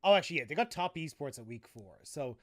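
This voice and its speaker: A man's voice: a little high, expressive, fast, no room sound. Skeptical man casting esports, dry sound. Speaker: esports caster. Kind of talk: esports analysis chat.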